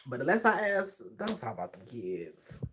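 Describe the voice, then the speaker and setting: On his livestream, a man tells a sassy, animated story, his pitch rising and falling as he goes. He acts out other people's lines along the way, speaking at a moderate pace over slight background noise.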